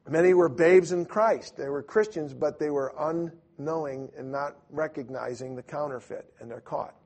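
A man preaching a sermon, telling stories conversationally with many fillers and restarts, acting out the people he quotes. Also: fairly high pitch. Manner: animated storyteller acting out quoted voices. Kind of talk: sermon with storytelling.

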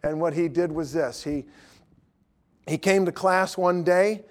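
A man's voice: a little high, measured pace. A man in his fifties teaching a class on evangelism, telling stories and pressing his listeners with emphatic questions. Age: 50s. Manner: animated storytelling, rising to emphatic questions.

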